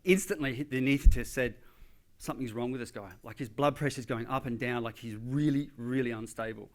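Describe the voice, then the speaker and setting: A man giving a motivational talk, telling a story vividly and acting out what the doctors said, shifting between loud emphasis and hushed asides. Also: medium pitch, brisk. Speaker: motivational speaker.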